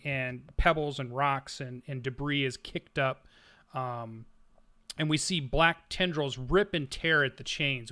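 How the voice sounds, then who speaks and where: A man's voice: mid-range voice, pushed and bright. A man narrating a tabletop role-playing game as game master, setting scenes like camera shots, with frequent fillers and restarts.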